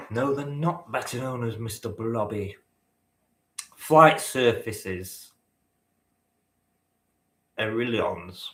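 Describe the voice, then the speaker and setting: A man's voice: mid-range voice, extremely slow, pauses often, pushed and bright. A man hosting a live-stream quiz, bantering with the chat, teasing and swearing casually. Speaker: quiz host. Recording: roomy echo.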